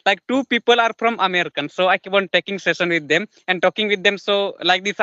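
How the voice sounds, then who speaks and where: High, bright-voiced hesitant man. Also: no echo. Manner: hesitant, many fillers. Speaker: English learner. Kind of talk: casual conversation. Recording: dull, dry call audio.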